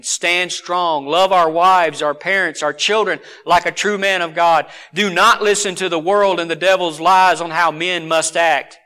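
A man preaching a sermon, swinging from forceful exhortation to hushed earnestness. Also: on the high side, clean tone.

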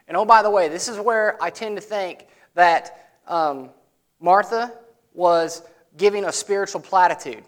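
A male pastor, preaching a sermon in a conversational way that swings from loud emphatic lines to soft, low asides. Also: normal speed.

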